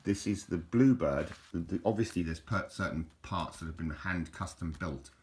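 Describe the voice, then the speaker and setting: Male host, deep voice, casual and meandering with lots of restarts. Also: moderate pace. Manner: chatty, hesitant, with frequent restarts. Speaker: video host. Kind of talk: casual rambling commentary over photos.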